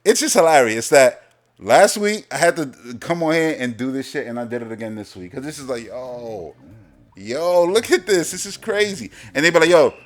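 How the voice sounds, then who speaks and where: A man's voice: medium pitch, lively intonation, normal speed. A man hosting a gaming channel, ranting in a brash, boastful, heavily profane casual monologue.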